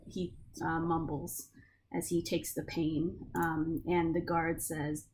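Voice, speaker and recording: A woman's voice: fairly low pitch, little pitch movement, measured pace, a little mellow, slight background noise. A woman narrating a tabletop game as game master in a casual, loose way, with lots of fillers.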